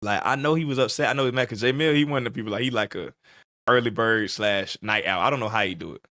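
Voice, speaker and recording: The studio sound is clean and dry as a man in his twenties, co-hosting a podcast, tells a story at a quick pace. His voice is medium-pitched, and he stays animated, laughing frequently while acting out what others said in casual chat.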